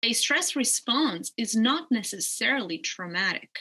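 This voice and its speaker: A woman with a bright, clear voice talks as a psychologist guest on a podcast. She explains her views in a measured, careful way, qualifying her points as she goes. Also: a little high, lively intonation. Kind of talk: casual interview conversation.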